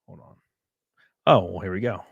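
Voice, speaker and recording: A man with a deep, expressive, slightly breathy voice from the Southern United States hosts a live stream at normal speed, rambling and joking as he reads out viewer chat messages and thanks people. The audio is dry with no echo, though the highs are cut off.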